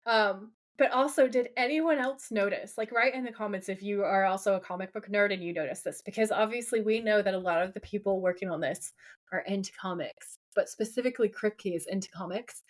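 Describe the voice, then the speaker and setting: A woman co-hosting a podcast in casual chat, animated and often laughing as she retells scenes. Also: mid-range voice, brisk. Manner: animated, laughing while reading lines aloud. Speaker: podcast co-host.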